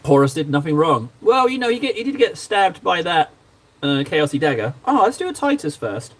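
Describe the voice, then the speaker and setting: A man's voice: on the high side, sing-song, normal speed. A man hosting a casual livestream, reading chat aloud with playful, self-mocking banter. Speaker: livestream host painting miniatures.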